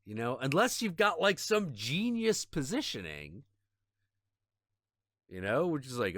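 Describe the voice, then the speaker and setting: Male streamer, frustrated and profane, unhurried delivery, dry close sound. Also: mid-range voice, sing-song, vocal fry, bright, forceful tone, dry recording. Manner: trails off into mutters and repetitions. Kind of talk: casual gaming stream chat.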